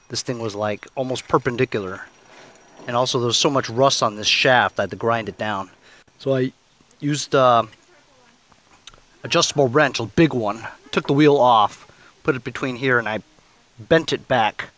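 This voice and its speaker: A man hosting his own repair vlog, chatting casually and thinking out loud as he works, with plenty of fillers and restarts. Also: mid-range voice. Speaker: channel host. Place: garage workshop.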